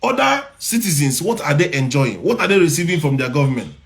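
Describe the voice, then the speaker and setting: A man's voice: fairly high pitch, big pitch swings, a little fast, creaky. A man with a Nigerian accent giving impassioned commentary, repeating his points and firing rhetorical questions. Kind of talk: impassioned social media commentary.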